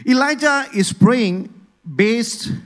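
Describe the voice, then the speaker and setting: A man's voice: extremely high pitch, slow pace. A male pastor preaching a sermon, energetically urging the congregation to repeat after him and respond.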